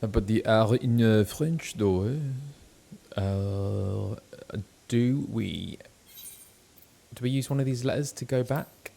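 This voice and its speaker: A man's voice: on the low side, takes it slowly, vocal fry, dark tone. A British man, a voice actor live-streaming a game, chatting casually in a rambling way with lots of fillers. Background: background music.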